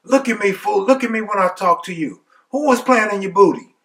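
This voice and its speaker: A man's voice: expressive, a little fast, far from the mic. A man voicing a mocking male jail inmate who taunts in a raised, jeering voice. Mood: taunting. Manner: taunting, high-pitched jeering.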